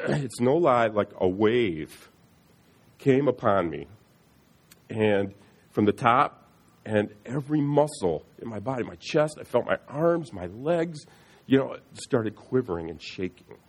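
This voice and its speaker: A middle-aged man sharing a personal faith testimony in an earnest, halting way, often restarting and repeating words. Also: mid-range voice, expressive.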